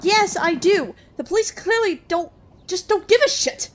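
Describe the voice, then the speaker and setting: A woman's voice: fairly high pitch, very animated, fairly quick, a little hiss or hum. A woman voicing a stubborn, impulsive young heroine who exclaims heatedly, read aloud from a game.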